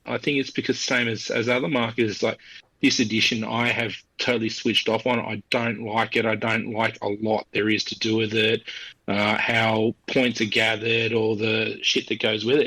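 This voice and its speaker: A man's voice: mid-range voice, fairly bright tone, slightly rough, dry recording, low-quality recording. An Australian man co-hosting a casual podcast, speaking bluntly and swearing freely. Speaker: podcast co-host. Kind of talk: casual group chat.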